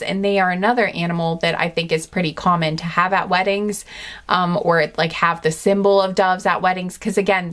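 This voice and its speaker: A woman giving an intuitive pick-a-card reading, chatting gently and earnestly with lots of fillers and restarts. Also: medium pitch. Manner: rambling, many fillers and restarts. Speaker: tarot card reader.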